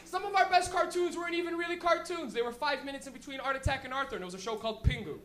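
A man doing profane, animated stand-up comedy, laughing and acting out characters on a club stage. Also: extremely high pitch, racing.

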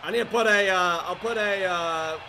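A man's voice: sits high, normal speed. A young man hosting a reaction video, making casual, slangy, amused remarks. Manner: laid-back, slangy, amused exclamations.

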